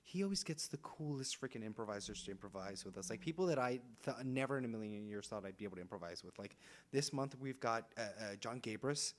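A man's voice: on the low side, animated, fast. A young man from Los Angeles, a guest improviser chatting casually and laughing easily. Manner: laid-back, laughs easily. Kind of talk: casual chat.

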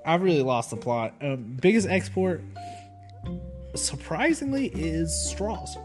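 A man's voice: a little high, sing-song, slow pace. A man co-hosting a podcast, chatting casually with rambling, jokey, self-interrupting asides. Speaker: podcast co-host. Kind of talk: casual banter. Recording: music playing underneath.

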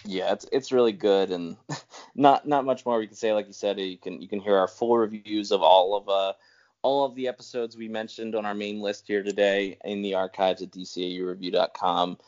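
A man's voice: on the low side, steady tone, moderate pace, a little mellow, dull audio. A man co-hosting a podcast in casual chat, rambling with restarts and chuckles. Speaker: podcast co-host.

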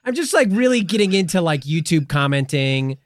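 A man hosting a comedy podcast, rambling deadpan with lots of fillers. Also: fairly high pitch, fairly quick, no echo. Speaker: podcast host. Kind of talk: casual comedic chat.

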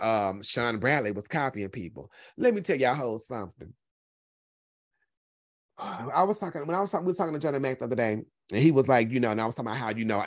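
A man hosting a casual livestream, talking back to his chat in a sassy, profane way and sliding from a low drawl up to high exclamations. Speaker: host.

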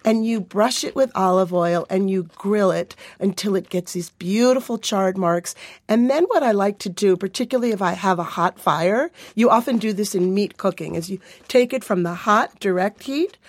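A woman's voice: mid-range voice, moderate pace, no echo. Woman, cooking guest, patient step-by-step explainer, dry studio sound. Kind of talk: demonstrating recipes on a talk show.

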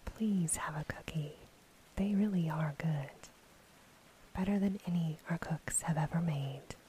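A woman's voice: low voice, measured pace, mellow, slight background noise. A woman whispering the lines of a weary, sardonic young prince in a whispered role-play storybook reading.

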